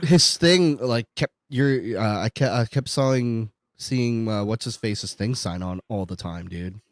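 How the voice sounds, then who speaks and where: A man's voice: fairly low pitch, measured pace, no room sound. A man co-hosting a casual podcast, rambling and joking, poking fun at himself and swearing freely. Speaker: podcast co-host.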